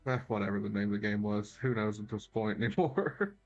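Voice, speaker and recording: A man co-hosting a gaming podcast in casual chat, easygoing, often answering with quick short replies. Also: fairly low pitch, dull audio, faint music behind. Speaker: podcast co-host.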